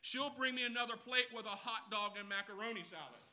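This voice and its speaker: A man delivers an impassioned sermon in a high, piercingly bright voice. He swings from shouted emphasis to hushed teaching and repeats phrases to drive a point home. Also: brisk. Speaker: pastor.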